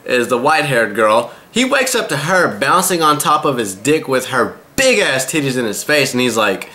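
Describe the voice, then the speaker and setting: A man's voice: medium pitch, sing-song, normal speed, sharp tone. A man casually recapping an anime episode in a crude, rambling way, full of profanity. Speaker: anime reviewer.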